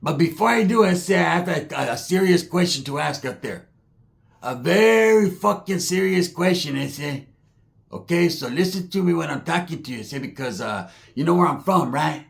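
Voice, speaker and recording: A man's voice: on the high side, expressive, normal speed, gravelly. A man from Southern California with a Chicano English accent, rambling through a comedic monologue full of "I say" asides and Spanish slang.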